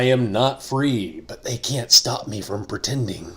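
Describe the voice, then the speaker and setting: A man's voice: medium pitch, expressive, unhurried, pushed and bright. A middle-aged man hosting a casual vlog monologue, rambling and joking with asides. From United States. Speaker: host.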